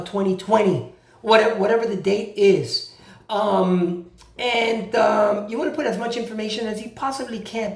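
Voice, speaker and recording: Animated man explaining in a roomy echo. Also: high-pitched. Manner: animated, acts out both sides of phone calls; repeats himself for emphasis. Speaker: credit repair advisor. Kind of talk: casual how-to explainer.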